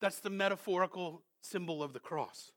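High-voiced, bright preacher man. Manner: swings from hushed, intimate questions to loud emphatic exhortation; slows down to read scripture with weight. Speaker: pastor. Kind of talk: sermon.

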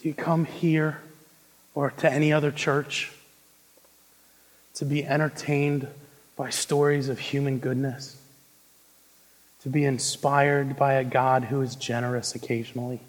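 A young man preaching a sermon, moving between hushed intensity and loud, emphatic delivery. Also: a little high, a little slow, pauses often. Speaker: pastor. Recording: long reverb of a large hall.

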